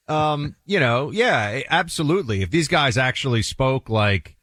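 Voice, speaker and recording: Animated male radio co-host, dry studio sound. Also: measured pace, no room sound. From Northeastern United States. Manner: animated, joking, pitch jumps up often. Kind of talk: casual radio banter. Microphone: studio microphone.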